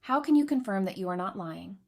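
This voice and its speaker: A stern young nobleman speaks in a cold, clipped and accusing way, voiced by a woman reading a storybook recap. His pitch sits in the middle of the range, with no warmth. He sounds like a duke who will not tolerate lies. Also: expressive, fast, creaky.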